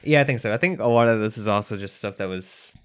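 A man's voice: fairly low pitch, fast, clean tone. Laid-back male podcast co-host, conversational and amused. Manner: easygoing, laughs often, reads out quotes. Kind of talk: casual chat.

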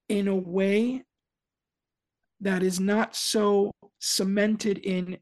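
A woman speaking as a podcast guest, an earnest voice actor talking in halting bursts with many restarts. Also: mid-range voice, a little mellow. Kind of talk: casual podcast chat.

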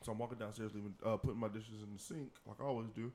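A man's voice: on the low side, rapid-fire, a little hiss or hum. Man telling a crude story animatedly. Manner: animated, profane storyteller who acts out the scenes. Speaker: podcast co-host. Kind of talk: casual chat, telling a funny story.

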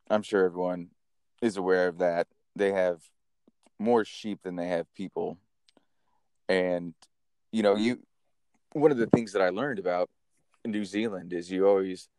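A man hosting a podcast, telling stories in a casual, animated way and swearing now and then. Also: low voice, no echo, studio quality. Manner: animated, chatty storyteller who swears casually. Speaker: podcast host. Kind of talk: casual storytelling.

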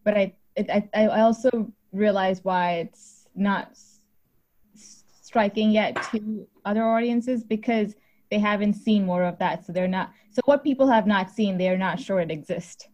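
A woman's voice: mid-range voice, unhurried, a little mellow. A woman in casual conversation, rambling and cutting herself off mid-sentence. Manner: rambling, self-interrupting. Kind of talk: casual chat.

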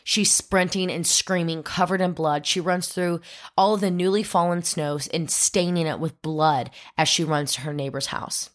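A woman podcast host telling a true crime story, dramatic and acting out the quoted voices. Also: sits low.

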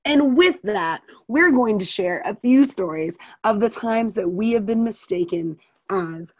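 A woman's voice: a little high, lively intonation, a little slow. A young woman co-hosting a podcast, chatting casually and reacting with amused, laughing asides. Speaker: podcast co-host.

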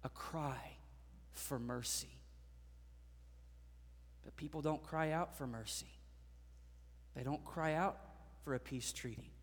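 A man preaching a sermon as pastor, swelling into dramatic, loud passages and acting out voices from the stories. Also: on the high side, slow, pauses often, long reverb tail.

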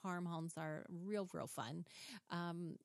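A woman's voice: fairly low pitch, takes it slowly, creaky, no echo, studio quality. A woman hosting a podcast, chatting casually and animatedly, acting out little quoted scenes as she tells stories. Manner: chatty, animated storyteller who acts out quotes. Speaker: podcast host. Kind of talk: casual interview chat.

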